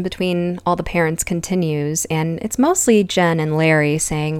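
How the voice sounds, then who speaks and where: A woman's voice: sits low, moderate pace, few pauses, darkish tone, clean tone, dry recording. A woman hosting a podcast, recapping a reality show in a casual, sarcastic and profane way. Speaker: podcast host.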